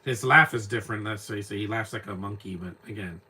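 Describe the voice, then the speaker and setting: A young man talks through an old film in a loose, rambling way, often stumbling over repeated words as he hunts for a name. His voice is husky with a bright, forward edge and sits fairly low. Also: brisk. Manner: rambling, repeats words while searching for names. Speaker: movie commentator. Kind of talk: casual live movie commentary.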